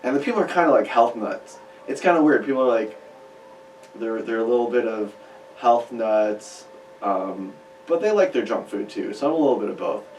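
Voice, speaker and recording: This man from Chicago is a musician guest in a radio interview, chatting and rambling in the studio. His voice is medium-pitched and a little mellow, animated and at normal speed. A distant mic gives a roomy sound with faint hiss.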